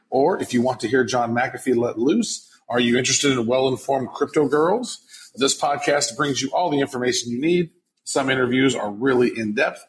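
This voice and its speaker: A man's voice: mid-range voice, a little hiss or hum, poor audio. A man co-hosting a casual podcast, teasing his partner and mocking himself. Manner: playful, teasing, self-mocking. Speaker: podcast co-host.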